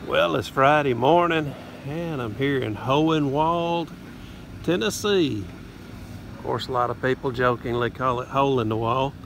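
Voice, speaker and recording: A man's voice: medium pitch, measured pace, vocal fry, a bit bright. A man with a Southern US accent vlogging outdoors, chatting in a folksy, drawling way with plenty of fillers. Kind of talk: casual vlog narration. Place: outdoors by a road. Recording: faint outdoor traffic noise. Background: faint traffic and outdoor noise.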